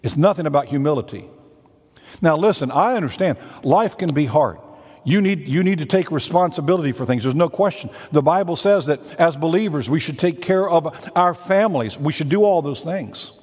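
A man's voice: on the high side, animated, moderate pace, darkish tone, breathy edge, in a large hall. A man, a senior pastor preaching a conversational sermon full of repeated phrases and rhetorical questions.

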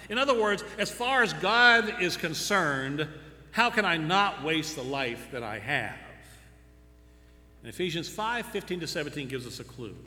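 Bright-voiced preacher in an echoey hall. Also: male voice, fairly high pitch. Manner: rhetorical questions and dry humorous asides. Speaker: pastor. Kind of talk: sermon. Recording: echoey hall with faint hum.

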